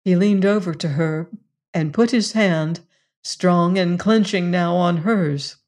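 Slow unhurried lady reading a novel aloud, measured, calm delivery. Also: on the low side. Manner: measured, deliberate storytelling. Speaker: audiobook narrator. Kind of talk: scripted narration.

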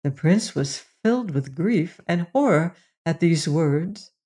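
Slow steady storyteller reading an old fairy tale out loud, unhurried. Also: medium pitch. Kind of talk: fairy tale read aloud.

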